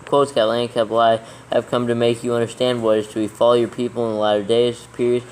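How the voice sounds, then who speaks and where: A man reading a text aloud slowly and deliberately, dictating capitals and punctuation marks as he goes. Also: medium pitch, little pitch movement, a little hiss or hum, poor audio. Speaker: proofreader dictating scripture.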